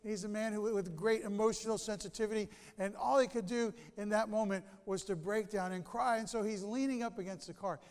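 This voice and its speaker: A male pastor preaching a sermon, telling stories with animated delivery and dramatic pauses. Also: high voice, long reverb tail.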